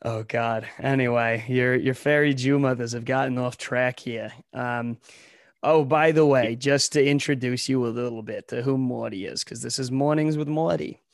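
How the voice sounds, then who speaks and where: A man's voice: medium pitch, steady tone, moderate pace, dry recording, studio quality. Sarcastic young man riffing on a podcast. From Ohio. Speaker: podcast co-host. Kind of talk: casual comedic chat.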